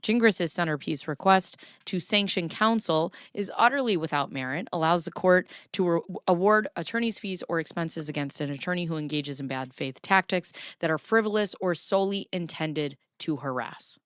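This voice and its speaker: A woman's voice: fairly low pitch, normal speed, hardly any pauses, a bit bright, clear, resonant tone, dry recording, studio quality. Chatty Chicago woman reading court filings. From Chicago area. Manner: chatty, reads aloud then jokes and remarks. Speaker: commentary host. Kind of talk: casual live commentary reading court filings.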